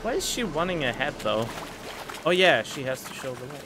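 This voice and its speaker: A man's voice: on the high side, big pitch swings, a little fast. A man streaming a video game, rambling casually and chatting to his viewers. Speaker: let's play streamer. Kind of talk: casual gameplay commentary. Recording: game music playing behind.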